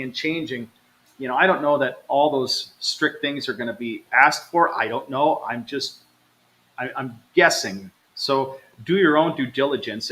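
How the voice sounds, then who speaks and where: Still getting over stomach trouble and short on energy, a man hosts a live travel stream, chatting casually and cheerfully reading viewer comments to "you guys." His medium-pitched voice is pushed and bright, captured in a rough recording.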